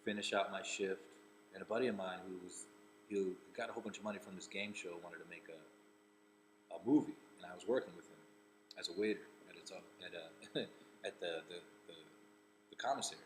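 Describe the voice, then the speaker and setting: A low-voiced man from Rhode Island, a comedian and actor, tells a personal story in a loose, casual way. He rambles, circling back and restarting phrases as he goes, with a faint hiss of noise behind him. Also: a little fast, low-quality recording.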